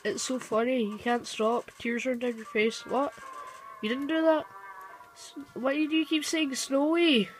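A woman giving casual let's-play commentary, reading the on-screen text aloud and reacting quickly. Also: sits high, steady tone, slight background noise, rough recording. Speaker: gamer. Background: game music.

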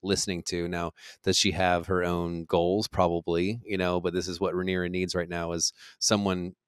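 A man's voice: sits low, level tone, moderate pace, smooth, no echo, studio quality. An easygoing man in a casual TV review chat who agrees readily and says "you know" a lot.

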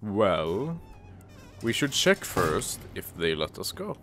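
A man's voice: fairly low pitch, very animated, slow, fairly bright tone, slight background noise. A young man hosting a casual co-op game session, playful, counting things aloud and repeating jokes. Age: young adult. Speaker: channel host. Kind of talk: casual gaming chat.

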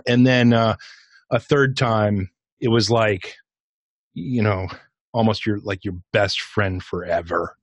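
A middle-aged man tells a personal story as an interview guest, casual and animated, slipping into the voices of his own thoughts. His pitch sits in an ordinary middle range. The recording is dry and close, with no room sound. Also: moderate pace, no room sound. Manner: casual, animated retelling with acted inner dialogue. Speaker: podcast guest, author.

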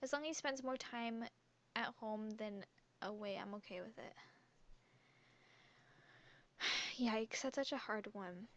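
This teen girl gaming YouTuber goes slowly, leaving long pauses as she reads quiz questions aloud, answers them and giggles in casual chat. Her voice is a little high and a bit bright, coming through a headset mic around her neck.

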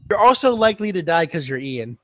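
Male tabletop player, sarcastic, swears constantly, slightly high voice, dry close mic. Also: very animated, fast talker, no room sound. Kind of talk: casual game chat.

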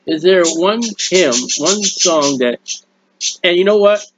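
A man's voice: high voice, slow pace, no room sound, lo-fi sound. Earnest rambling man preaching. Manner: earnest, rambling, with restarts and quiet asides. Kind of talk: sermon. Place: at home, birds heard nearby.

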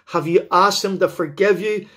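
Fervent high-voiced Northern Irish preacher. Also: male voice, fairly even intonation, moderate pace, fairly bright tone. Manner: fervent, repetitive appeals to the listener. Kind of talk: evangelistic sermon.

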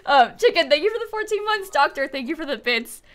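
Giggly woman livestreamer, bright and fairly high, chats casually while gaming. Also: expressive, brisk. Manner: giggly, chatty, thanks viewers often. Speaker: streamer. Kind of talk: casual live-stream chat while gaming.

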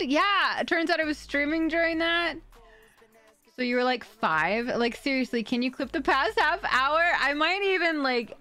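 A young adult woman with a high-sitting voice live-streams, chatting excitedly with viewers, thanking donors, swearing and laughing. Faint music plays behind her.

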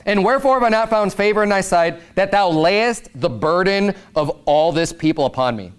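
A man's voice: high voice, expressive, moderate pace, clear, resonant tone. A man preaching a sermon as pastor, talking conversationally and growing emphatic as he reads scripture.

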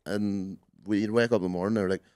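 A young man speaks in a lowish voice, laid-back and a bit mumbly, dropping dry asides as podcast co-host. The sound is dry and close to the mic. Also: steady tone, quick pace, a little mellow, dry recording. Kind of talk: casual comedy podcast chat.

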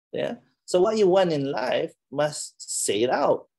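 A man's voice: a little high, very animated, takes it slowly, creaky, darkish tone, slightly rough. A middle-aged man with a Malaysian English accent, giving a playful, teasing classroom talk and laughing often. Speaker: lecturer.

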